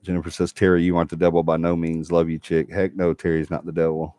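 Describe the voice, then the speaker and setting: A very low-voiced man with a drawl hosts a casual livestream, folksy and chatty as he reads comments from viewers. The sound is dry and close, with no room around his voice. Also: completely flat delivery, fast talker, dark tone, dry recording. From Alabama. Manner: chatty, folksy, laughs often. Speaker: paranormal livestream host.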